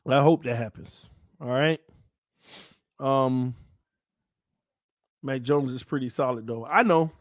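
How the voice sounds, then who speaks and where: A man hosting his own sports fan channel, giving casual commentary to viewers in a playful, excitable way. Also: medium pitch, slow, pauses often, no room sound, clean studio sound. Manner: playful, excitable, swings between calm and shouting.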